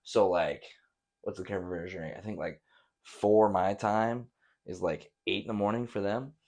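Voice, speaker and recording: A man's voice: fairly low pitch, fairly even intonation, moderate pace, a little mellow. Laid-back, profane young man rambling. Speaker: podcast host. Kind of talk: casual rambling monologue.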